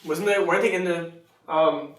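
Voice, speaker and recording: A man's voice: fairly high pitch, fairly even intonation, normal speed. Joking man co-hosting, echoey room. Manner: joking, rambling, laughs often. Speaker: podcast co-host. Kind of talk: casual chat. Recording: echoey room, mic at a distance.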